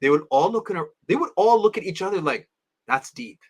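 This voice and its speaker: A man in his thirties, an interview guest, telling personal stories in an animated way and acting out his friends' voices. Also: fast talker, slightly rough. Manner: animated, acts out friends' voices with big pitch jumps; addresses host as "my beloved father". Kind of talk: storytelling in casual interview.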